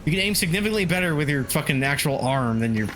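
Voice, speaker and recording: A man's voice: on the high side, lively intonation, quick pace, a bit bright, a little hiss or hum. A man casually commenting while streaming a video game, cursing and laughing often. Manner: loose, profane, laughs often.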